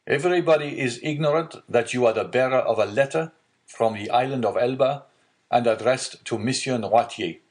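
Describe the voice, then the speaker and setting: A man's voice: medium pitch, moderate pace, pitched above the performer's own voice, close to an everyday voice. A man voicing a stern male deputy prosecutor in an audiobook, stiff and formal, giving orders.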